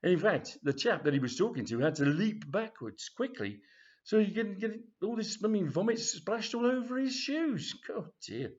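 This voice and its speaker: A man's voice: high-pitched, big pitch swings, normal speed, darkish tone. A man reading his own comic story in a rambling, chatty way with many restarts. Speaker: author. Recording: dull lo-fi recording.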